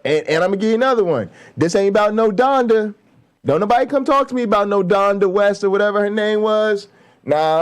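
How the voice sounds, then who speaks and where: A man's voice: high-pitched, clean tone. A man hosting a casual livestream, talking bluntly and profanely and building to heated, emphatic outbursts. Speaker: show host.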